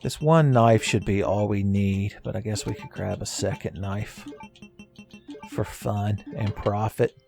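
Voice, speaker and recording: A man giving casual, joking commentary while playing a game, his voice a little raspy today and often breaking into laughs at his own asides. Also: lowish voice, fairly even intonation, unhurried, darkish tone, soft background music. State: slightly raspy voice. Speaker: gaming commentator. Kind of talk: casual let's-play commentary.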